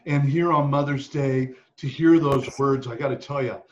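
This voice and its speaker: A man's voice: mid-range voice, steady tone, moderate pace, a little hiss or hum. A man hosting a casual interview, earnestly prompting his guests with questions. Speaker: host. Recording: dull lo-fi audio.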